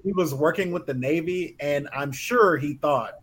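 A man co-hosting a casual roundtable podcast, giving quick, exasperated rundowns. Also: fairly high pitch, fairly bright tone. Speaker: podcast co-host.

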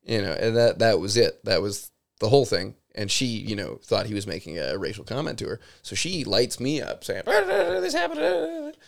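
A man's voice: fairly low pitch, animated, brisk, gravelly. A man who co-hosts a podcast and owns a shop, telling rambling anecdotes in casual chat and swearing freely. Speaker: store owner, podcast co-host.

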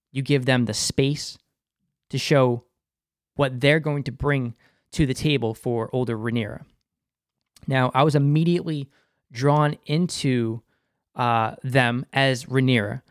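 This is a TV review host, a man with a Boston accent whose voice sits at a medium pitch. He reviews an episode with casual enthusiasm and now and then talks about himself in the third person by his show name. The studio recording is clean, with no room sound.

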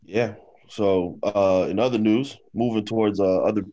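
A young man co-hosting a casual podcast, setting up topics slowly with a sarcastic, deliberate manner. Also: lowish voice, steady tone, dull audio, over music. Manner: sarcastic, leads topics with slow deliberate setups. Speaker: podcast co-host. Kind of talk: casual chat.

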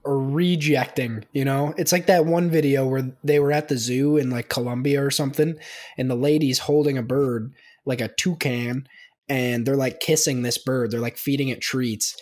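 A man's voice: medium pitch, steady tone, normal speed, a little mellow. A young man co-hosting a podcast, joking wryly and telling stories in casual chat. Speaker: podcast co-host.

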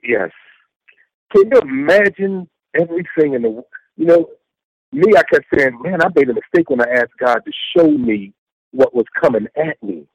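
Man, middle-aged, interview guest, faith testimony, earnest repetitive storytelling, animated swings, gravelly, dull lo-fi sound. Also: fairly high pitch, moderate pace, dry recording. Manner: earnest, repetitive storytelling with acted-out self-quotes.

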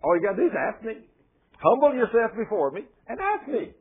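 A man voicing God as a patient, fatherly divine voice who gently coaxes, with a tinny phone-like sound. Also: sits high, big pitch swings, brisk, pitched above the performer's own voice. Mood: coaxing.

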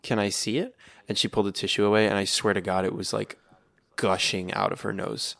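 A young man in his twenties co-hosting a casual podcast chat, telling animated stories and acting out quotes. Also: fairly quick, creaky, no room sound. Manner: animated storyteller, acts out quotes in higher voices. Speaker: podcast co-host.

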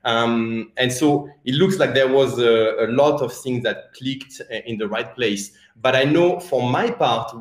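A man with a French accent, a guest in an interview chatting casually, laughing often and restarting his sentences. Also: mid-range voice. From France. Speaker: guest, animation director. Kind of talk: casual conversation. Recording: roomy echo.

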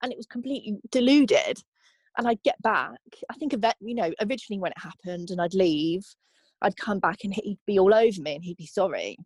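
A young woman telling her own story in a candid, halting way, full of fillers. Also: mid-range voice, darkish tone, breathy edge, no room sound. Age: young adult. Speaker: interviewee. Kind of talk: personal testimony.

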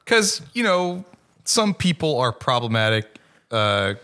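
A man's voice: mid-range voice, very animated, measured pace, pushed and bright. A man hosting a podcast in casual chat, asking questions hesitantly with restarts. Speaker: podcast host.

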